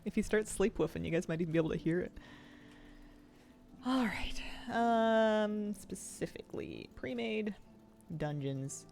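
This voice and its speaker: A woman's voice: lowish voice, moderate pace, creaky, darkish tone. A woman streamer chatting casually while she plays, rambling and thinking aloud with easy laughs. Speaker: game streamer. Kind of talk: casual live-stream chat while gaming.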